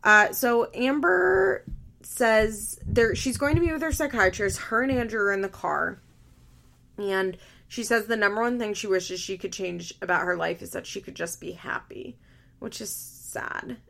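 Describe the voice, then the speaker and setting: Opinionated woman with vocal fry. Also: mid-range voice, a little slow, a bit bright. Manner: blunt, opinionated, heavy use of "like" fillers. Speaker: podcast host recapping a reality show. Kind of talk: casual chat.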